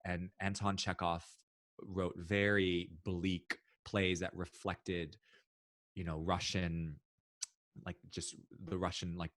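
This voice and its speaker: Low-voiced guy on a podcast, super expressive when he tells stories, dry mic. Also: slow pace, no echo. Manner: animated, expressive, acts out quoted voices. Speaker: podcast guest. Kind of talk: casual storytelling interview.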